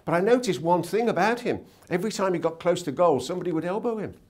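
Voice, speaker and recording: Animated male motivational speaker. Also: high voice, fast. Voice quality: animated storyteller, asks tag questions. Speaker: seminar speaker. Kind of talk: motivational talk with anecdotes. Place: hotel conference room.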